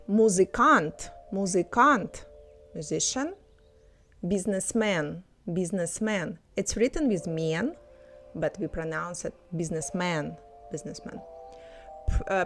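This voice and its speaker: A woman teaching an online language lesson, slowly repeating words to drill their pronunciation. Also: on the low side. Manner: slow, careful word-by-word pronunciation drills.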